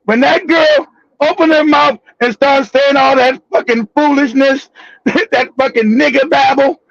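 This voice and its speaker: A man tells a profane, animated story on a live talk show, laughing and shouting now and then. His voice is very high, gravelly and husky. The sound is dry and dull, like a lo-fi stream. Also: measured pace, dry recording. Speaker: show host.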